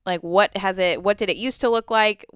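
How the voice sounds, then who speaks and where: A woman co-hosting a casual fitness podcast, speaking calmly and backing up her co-host with short agreements. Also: medium pitch, moderate pace, clear, resonant tone, dry recording.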